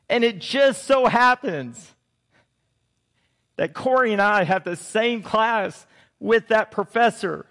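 A man's voice: high voice, takes it slowly, long pauses, a bit bright. A man in his forties preaching a sermon and telling a personal story in an earnest, emotional way. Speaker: pastor.

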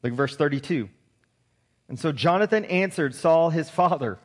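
A man preaching a sermon, retelling a scripture story in a lively way and reading verses aloud. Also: a little high, moderate pace.

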